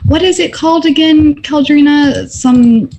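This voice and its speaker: A woman's voice: high voice, measured pace, warm tone, slight background noise. A woman playing a tabletop game in character, talking in a rambling, chatty way full of fillers. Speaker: player.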